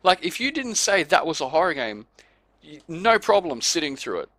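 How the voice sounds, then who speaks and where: A man's voice: on the high side, big pitch swings, moderate pace, bright, forceful tone, no echo. A man hosting a casual gaming podcast, swearing freely and acting out his friends' reactions as he tells a story. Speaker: podcast host. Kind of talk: casual chat.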